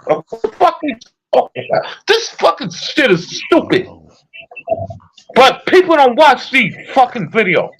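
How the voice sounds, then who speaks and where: A man's voice: very high voice, sing-song, unhurried, a bit bright, slightly rough. A man giving heated, profane casual commentary while reacting to a video, repeatedly incredulous. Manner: heated, incredulous, swears a lot.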